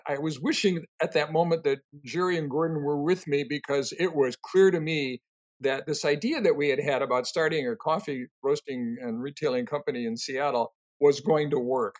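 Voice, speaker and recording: Older guy, kinda high voice, telling long stories in an interview, lots of uhs and ums. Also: normal speed. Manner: rambling, animated anecdotes with frequent fillers. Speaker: interview guest, company co-founder. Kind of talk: storytelling interview answers.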